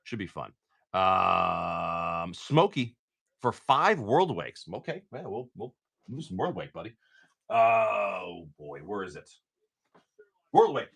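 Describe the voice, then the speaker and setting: A man's voice: fairly low pitch, sing-song, measured pace, vocal fry, husky, no echo. A man chatting casually on a livestream, swearing freely and reading off card names as he opens packs. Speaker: livestream card-pack opener.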